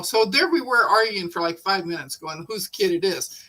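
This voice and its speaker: A woman's voice: medium pitch, animated, normal speed, pushed and bright, rough recording. A woman hosting a casual live stream, chatting and telling a personal story, laughing often. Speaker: livestream host.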